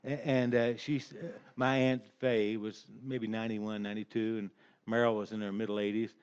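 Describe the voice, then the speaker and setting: A man's voice: fairly low pitch, flat delivery, normal speed, darkish tone, clear, resonant tone. An older man telling a rambling, folksy personal story, chuckling along as he goes. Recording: dull lo-fi recording.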